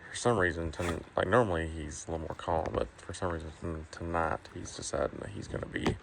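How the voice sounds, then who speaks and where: Tired, gravelly man chatting to his phone late at night, with clear background noise. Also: low-pitched, fairly even intonation, fairly quick. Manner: tired, yawning, joking with a puppy. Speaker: farm vlogger. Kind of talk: casual vlog. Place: outdoors at night on a farm.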